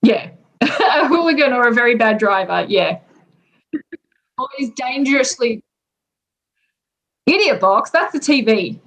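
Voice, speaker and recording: Aussie woman explaining slang words, unhurried, laughs a lot, kinda high voice. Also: lively intonation, fairly bright tone, poor audio. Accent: Australian. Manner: chatty, laughs often between words. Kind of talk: casual explanation.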